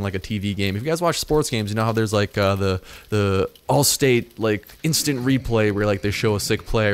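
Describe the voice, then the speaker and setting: Excitable young man gaming commentary. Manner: excitable, swears, jumps into high-pitched yelps when startled. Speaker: gaming YouTuber. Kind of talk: let's-play commentary.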